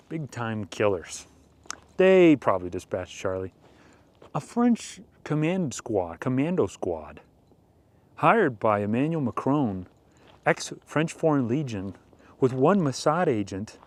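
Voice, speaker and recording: A man hosting a rambling commentary show, speaking with mocking deadpan sarcasm. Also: mid-range voice. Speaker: commentary host.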